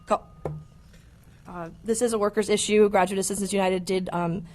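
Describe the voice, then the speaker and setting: A woman's voice: medium pitch, steady tone, normal speed, darkish tone. A young woman giving an earnest public comment at a county commission meeting. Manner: earnest, becomes emotional.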